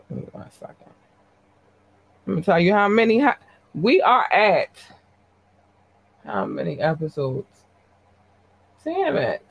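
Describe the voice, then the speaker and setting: Low-voiced, slangy podcast host woman. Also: vocal fry, breathy edge, lo-fi sound. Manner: slangy, talkative, blunt. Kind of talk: casual live-stream shout-outs.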